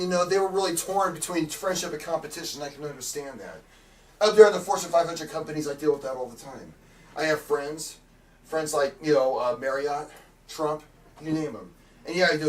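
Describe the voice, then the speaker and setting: A man's voice: on the high side, recorded from a distance, a little hiss or hum. A man commentating on a wrestling show in a boastful, pompous tone, recorded a bit away from the mic. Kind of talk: bombastic promo commentary.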